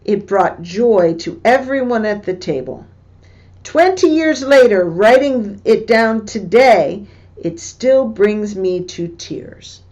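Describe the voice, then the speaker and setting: Slow, deliberate woman teacher reading aloud. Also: medium pitch, animated, a little mellow. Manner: slow, deliberate, explains word meanings. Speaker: English teacher. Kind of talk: reading aloud and explaining a book passage.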